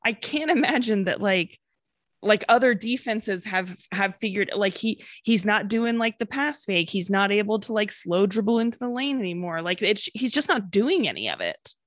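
A woman co-hosting a casual sports podcast, speaking in a relaxed, hesitant way with many fillers. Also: medium pitch, normal speed, dry recording, clean studio sound.

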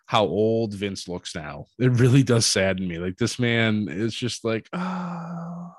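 A man with a low voice recaps a wrestling show in a loose, animated way, slipping into quick impressions as he tells it. The sound is dry and close, with no room around it. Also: dry recording. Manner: animated storytelling, acts out quotes. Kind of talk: casual recap commentary.

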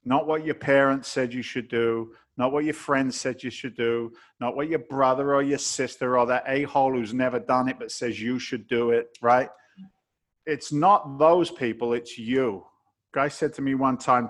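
An emphatic man from England, talking as a guest on a podcast interview. He lays out his motivational views bluntly and preachily, with the odd swear word, at an ordinary speaking pitch. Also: fairly even intonation, normal speed, a bit bright.

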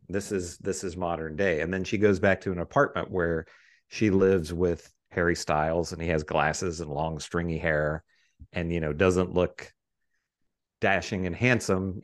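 Low-voiced man, easygoing film chat. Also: dry recording, studio quality. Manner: easygoing, thinks aloud with hedges. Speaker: film podcast co-host. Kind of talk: casual film review chat.

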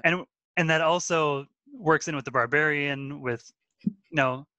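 A podcast co-host and tabletop player chats casually on a tabletop gaming podcast, often stumbling and repeating words as he restarts. His voice is fairly high, bright, and forceful, unhurried, with lo-fi sound and no room sound.

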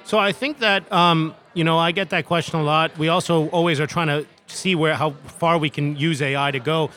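A man's voice: a little high, steady tone, moderate pace, bright, forceful tone. A man, a tech company co-founder, giving eager interview answers with lots of fillers and restarts, recorded outdoors in a city.

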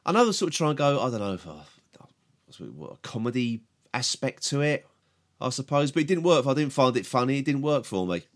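A British podcast co-host casually reviews an episode, hesitating often, repeating words, and grumbling. His medium-pitched voice swings widely in pitch and moves briskly.

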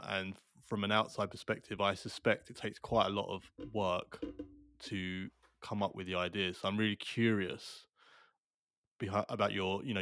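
A man's voice: on the low side, fairly bright tone, dry recording, clean studio sound. A man hosting an interview, asking long winding questions and correcting himself as he goes. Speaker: interview host. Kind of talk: casual interview conversation.

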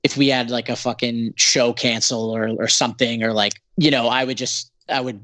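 A man's voice: medium pitch, steady tone, normal speed, bright, forceful tone, no room sound. A Canadian man, a band's singer, talking as a podcast guest in a sarcastic, profane, rambling way with lots of fillers. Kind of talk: casual podcast interview.

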